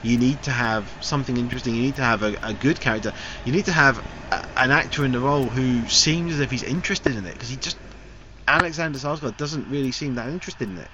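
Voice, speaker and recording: A fast-talking man with a mid-range voice gives a frank, casual film review in loose, wandering sentences. The recording is slightly dull, with faint hiss.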